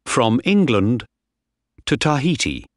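A man reading a story aloud as a narrator, in a slow, measured way. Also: mid-range voice, huge pitch swings, no echo, studio quality. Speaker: audiobook narrator. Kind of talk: scripted narration.

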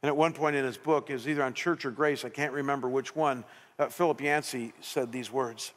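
A man's voice: mid-range voice, a little fast. Man preaching a sermon in a reverberant hall. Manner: storytelling, animated with many restarts. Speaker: pastor. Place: church sanctuary.

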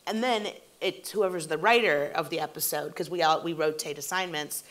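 A woman's voice: deep voice, moderate pace. A woman in her forties, a TV showrunner, telling stories in an onstage interview and acting out what people said. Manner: animated storytelling, acting out quotes. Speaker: TV showrunner and guest.

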